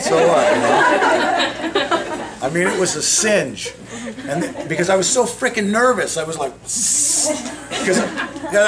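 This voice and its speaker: A man's voice: high voice, heavy background noise. Joking man telling salon stories. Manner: animated, joking, laughs while telling stories. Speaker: cosmetology educator. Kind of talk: storytelling to a live audience.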